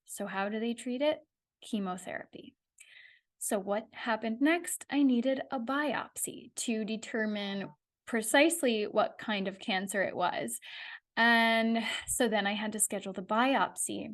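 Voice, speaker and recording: With a fairly high voice and an unhurried pace, she continues the personal storytelling monologue on her podcast. Her delivery is frank, conversational and animated.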